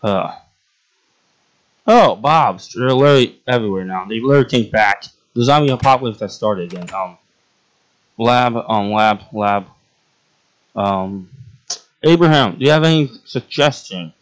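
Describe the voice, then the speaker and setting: A young man talks his way through a game role-play, giggling often and rambling with plenty of ums. His pitch swings widely and lively from line to line, while his middle range stays typical for a man. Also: moderate pace, pauses often. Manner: giggly, rambling, voices many characters. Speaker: game roleplay host. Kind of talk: casual roleplay gameplay chat.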